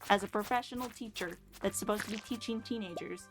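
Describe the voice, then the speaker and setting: A woman's voice: medium pitch, quick pace. A woman in her twenties telling a story casually while streaming at home, blunt and sarcastic, swearing freely. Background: faint background music.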